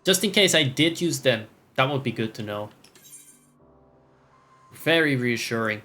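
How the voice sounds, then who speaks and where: A man's voice: medium pitch, lively intonation, measured pace, pushed and bright, soft background music. A man streaming a game, making sardonic, profane asides and reading the game dialogue aloud. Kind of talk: casual gameplay commentary.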